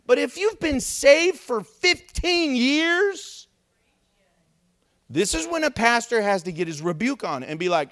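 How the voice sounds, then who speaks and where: Animated high-voiced male pastor preaching. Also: unhurried. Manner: animated, joking, acts out babies and critics. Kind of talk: sermon.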